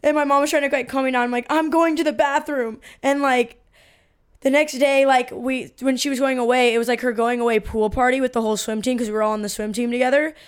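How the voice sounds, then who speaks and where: Animated, foul-mouthed young woman storyteller. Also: high voice, fast, smooth. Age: 20s. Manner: animated, swears a lot, acts out quotes. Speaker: podcast co-host. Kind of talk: casual storytelling.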